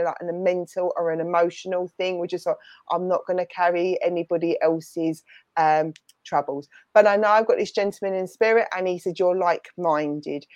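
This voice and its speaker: A woman's voice: medium pitch, dry recording. A middle-aged woman with a London and Essex accent giving a chatty, rambling mediumship reading and passing on messages from spirit. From southern England.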